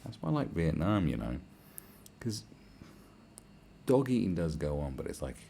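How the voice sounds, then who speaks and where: A man's voice: low-pitched, very animated, normal speed, vocal fry, warm tone, slight background noise. A man hosting a podcast, delivering a crude, sarcastic solo rant full of swearing and mocking put-on voices. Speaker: podcast host. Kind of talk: ranting monologue.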